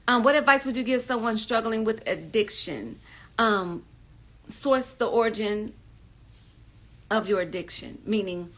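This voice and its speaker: A woman hosting a casual live stream, greeting viewers by name and talking with warm, emphatic repetition. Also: mid-range voice.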